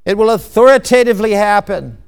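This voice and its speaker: A man preaching a sermon, emphatic and measured, with frequent rhetorical questions. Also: high-pitched, expressive, vocal fry, clean tone.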